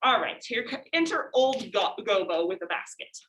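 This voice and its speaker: Bright-voiced woman teacher explaining. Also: medium pitch, sing-song, moderate pace, slight background noise, poor audio. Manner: casual, explaining with many fillers. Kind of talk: classroom lecture. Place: classroom.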